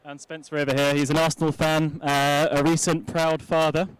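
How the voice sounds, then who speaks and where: A man's voice: fairly high pitch, level tone, normal speed, smooth, dry recording. A man presenting a live conference talk and introducing his co-hosts in a chatty, jokey way with many uhs. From United Kingdom.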